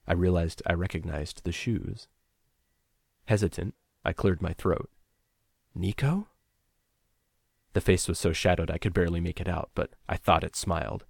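A man reads a first-person horror story in a very low, gravelly voice. His delivery is measured and falls to a near-hush at the tense moments. The recording is dry and close, with no room sound. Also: fairly even intonation, no echo. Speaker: narrator.

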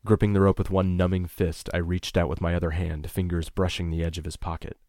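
A man narrating a tense first-person story in a measured, scripted reading. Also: low-pitched, little pitch movement, a little mellow, no room sound, studio quality. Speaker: audiobook narrator.

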